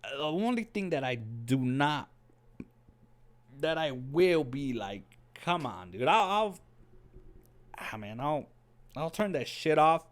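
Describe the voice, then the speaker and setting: A man giving a casual, excitable review of a TV episode, rambling and slangy, often saying "dude". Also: fairly high pitch, slow, pauses often. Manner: excitable, with many restarts.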